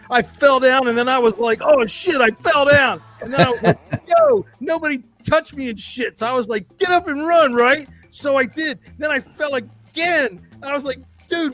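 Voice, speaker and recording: High-pitched stoked football bro. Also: male voice. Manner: surfer-bro drawl, swearing, excited shouting. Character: dim-witted stoked young male football bro.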